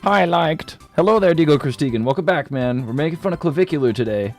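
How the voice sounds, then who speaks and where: A man's voice: on the high side, lively intonation, quick pace, soft background music. A man streaming a game and chatting casually, laid-back and slangy, joking at his own expense and laughing often.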